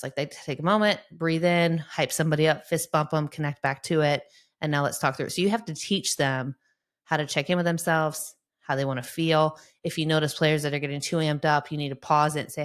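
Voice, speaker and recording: A woman in her thirties speaks as a guest in a conversational interview. Her voice sits low and she talks quickly. She is animated and acts out little exchanges with her kids. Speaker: sport psychologist guest.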